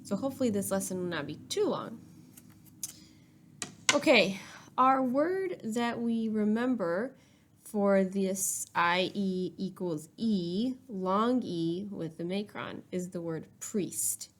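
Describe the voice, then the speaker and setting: A woman's voice: mid-range voice, lively intonation, slow. A woman teacher giving a recorded spelling lesson to young children, explaining each step patiently. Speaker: third-grade teacher.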